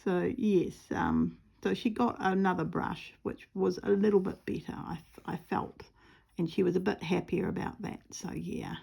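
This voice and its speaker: A woman's voice: fairly low pitch, expressive, normal speed, gravelly, warm tone, breathy edge. A woman with a New Zealand accent chatting casually and rambling while she stitches, with self-mocking humour. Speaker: craft vlogger.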